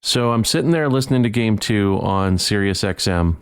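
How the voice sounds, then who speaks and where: A man's voice: fairly low pitch, animated, normal speed, clean tone. A man hosting a solo sports podcast, ranting heatedly and stumbling over repeated words. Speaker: podcast host.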